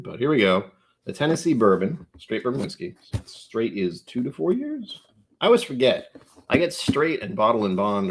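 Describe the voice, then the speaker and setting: A man's voice: on the low side, slight background noise. Rambling man tasting whiskey on stream. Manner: rambling, thinks aloud, self-correcting. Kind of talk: casual tasting livestream chat.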